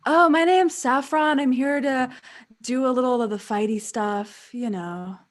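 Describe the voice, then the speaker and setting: A woman's voice: high voice, a little slow. A woman voicing a laid-back hippie druid woman who talks in surfer slang, calling everyone "dude" and "man". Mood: breezy.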